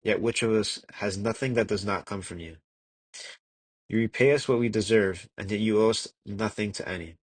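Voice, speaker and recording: A man's voice: on the low side, slightly rough, no echo. Earnest young man reading aloud. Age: young adult. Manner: measured and earnest, with occasional slips and restarts. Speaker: audiobook reader. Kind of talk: amateur audiobook reading.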